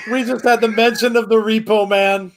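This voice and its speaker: High, excitable laughing man. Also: normal speed. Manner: excitable, laughs often, gushing exclamations. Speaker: co-host of a wrestling watchalong. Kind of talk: live reaction commentary.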